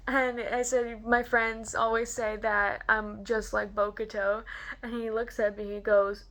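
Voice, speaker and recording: A young woman vlogger excitedly telling a story to camera, gushing and full of "like" fillers. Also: fairly high pitch, unhurried.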